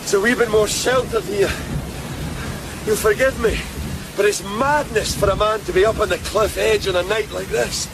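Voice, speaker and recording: A kindly Scottish weaver. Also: male voice, sits high, steady tone, normal speed, vocal fry, background noise. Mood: gentle concern. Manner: concerned, coaxing, plain-spoken. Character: Thomas Buchan, a kindly middle-aged village weaver. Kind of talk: radio drama acting.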